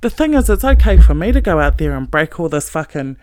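Woman host, lower voice, blunt swearing rant, dry close sound. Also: big pitch swings, fairly quick, no room sound. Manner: profane, forceful ranting. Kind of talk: blunt monologue on relationships.

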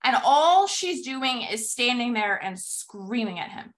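Bright, animated woman coaching. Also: a little high, a little slow. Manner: animated retelling with acted-out quotes. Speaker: podcast host and sales coach. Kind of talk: motivational podcast monologue.

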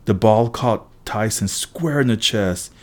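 A man reading a first-person adventure story aloud as an audiobook narrator, brisk, with occasional restarts. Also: fairly low pitch, a little mellow.

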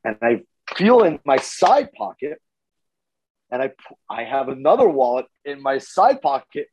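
A man telling a story casually as a podcast guest, animated, with his voice jumping up when he gets excited and swearing freely. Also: medium pitch, a little slow, slightly rough, dry recording, dull audio.

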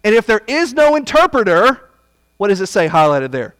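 A man preaches a Bible study sermon in a blunt, folksy way, swinging between loud emphasis and hushed asides. His voice is high-pitched and sing-song, at a moderate pace, with a clean tone and no echo.

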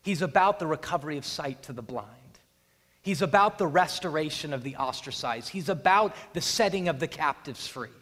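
A man's voice: on the high side, animated, normal speed, a bit bright. A man preaching a sermon, retelling a scripture scene with drama and acting out the voices of its people. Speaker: pastor. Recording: long hall reverb.

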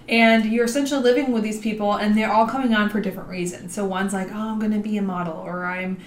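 A woman co-hosting a podcast, chatting casually and animatedly, acting out little quotes as she tells stories. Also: mid-range voice. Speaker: podcast co-host. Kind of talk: casual chat. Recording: echoey room, faint noise.

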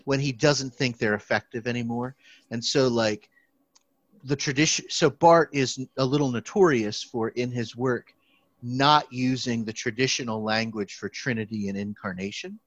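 A man's voice: medium pitch, normal speed, no echo. Rambling young man chatting about theology. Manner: rambling, lots of restarts and fillers, animated when quoting people. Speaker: theology student. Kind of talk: casual podcast chat. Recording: dry, slightly dull recording.

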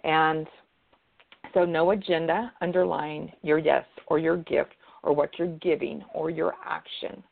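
A woman shares advice in an earnest, chatty way, circling back and restarting her thoughts. Her voice carries a gravelly fry. The sound is narrow and tinny, like a phone call. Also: low-pitched, fairly even intonation, unhurried. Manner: earnest, repeats herself, restarts sentences. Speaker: guest. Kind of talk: casual advice chat.

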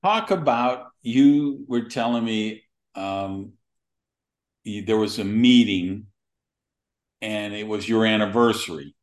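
A man hosting a podcast who prompts his guest with relaxed questions and often trails off mid-sentence. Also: on the low side, slow, long pauses. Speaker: podcast host. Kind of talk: casual interview chat.

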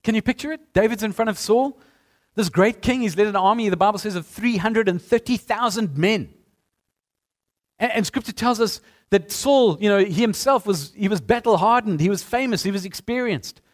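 A man's voice: sits high, normal speed. A man preaching a sermon as pastor, emphatic and repeating phrases for effect.

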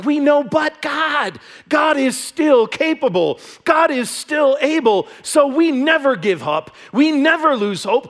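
High-voiced man preaching with passion. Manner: passionate preaching that swings between loud emphasis and soft, hushed reading. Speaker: pastor. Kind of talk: sermon.

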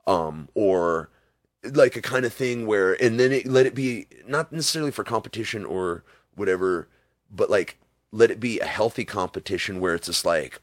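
A man's voice: fairly low pitch, lively intonation, normal speed, no echo. A man in a casual interview, telling rambling stories and acting out quotes along the way. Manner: rambling storytelling with acted-out quotes.

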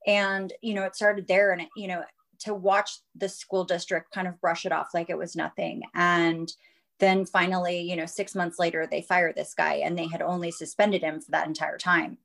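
A woman in her thirties speaks as a podcast guest, earnest and animated. Her voice is on the lower side, and she acts out the voices of the people she quotes. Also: normal speed, creaky. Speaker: guest, mother and model. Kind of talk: interview storytelling.

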